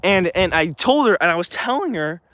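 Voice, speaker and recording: A man's voice: sits high, sing-song, moderate pace, sharp tone, dry recording. A young man telling a personal story in an agitated, rambling way, full of restarts and swearing. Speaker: vlogger.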